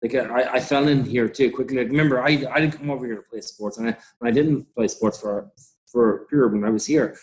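A man's voice: mid-range voice, a little fast. A middle-aged Irish man telling rambling stories in a casual interview, swearing freely and laughing often. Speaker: interview guest, rugby club founder.

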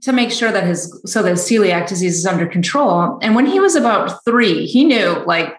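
A woman's voice: medium pitch, animated, moderate pace. Earnest heartfelt woman in echoey room. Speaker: guest author. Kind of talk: podcast interview.

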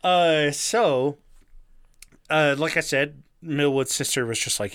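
A man's voice: on the high side, slow pace, fairly bright tone, clean tone. Man, casual storyteller, loose and profane, chatty with frequent restarts. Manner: swears and laughs often, many fillers and restarts. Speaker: podcast co-host telling a true crime story. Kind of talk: casual chat.

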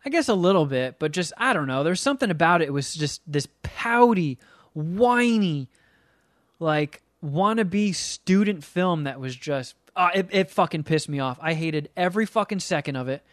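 High-voiced man ranting profanely. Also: animated, moderate pace, dry recording, clean studio sound. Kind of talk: casual comedic movie rant.

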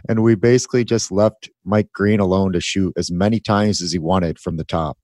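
A man co-hosting a podcast about hockey, who played the game himself, talking in a relaxed way. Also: low-pitched, normal speed, no room sound, clean studio sound. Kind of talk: casual hockey chat.

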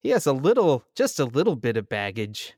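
A man's voice: mid-range voice, sing-song, a little fast, darkish tone, breathy edge, no room sound, clean studio sound. A man co-hosting a podcast, chatting casually and wryly, rambling with many restarts. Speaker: podcast co-host. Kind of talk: casual political chat.

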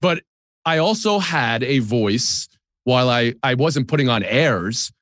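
A man's voice: medium pitch, animated, measured pace, a bit bright, dry recording. A man in his forties from the New York area, a sports TV host talking candidly and self-deprecatingly in a podcast conversation.

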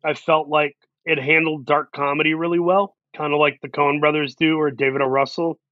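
A man telling animated anecdotes as a guest in an interview, acting out what people said to him. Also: a little high, fairly quick, dry recording, phone-quality sound. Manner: animated anecdotes with quoted asides. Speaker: actor guest. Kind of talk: storytelling interview.

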